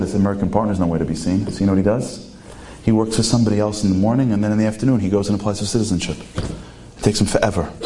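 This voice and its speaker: A man telling a story in a sermon, animated and full of rhetorical questions. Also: lowish voice, slight background noise.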